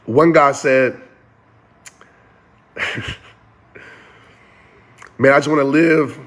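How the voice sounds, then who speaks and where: A motivational speaker delivers an earnest talk in a preacher-like cadence, repeating phrases, calling his listeners "y'all," and growing emotional. His mid-range voice is a bit bright and moves at a moderate pace.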